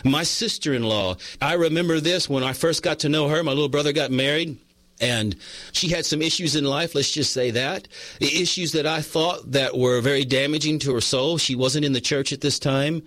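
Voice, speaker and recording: A man's voice: fairly high pitch, normal speed, a bit bright, no room sound. A male pastor preaching a conversational sermon, reading from a book and telling a personal story, often restarting his words.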